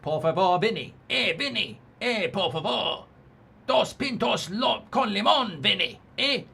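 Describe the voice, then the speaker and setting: A man's voice: mid-range voice, lively intonation, measured pace, vocal fry, bright, forceful tone, exaggerated voice. A man putting on an exaggerated Spanish accent, voicing a cheerful, hammy Spanish man who drags out friendly greetings in a sing-song way. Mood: jokey.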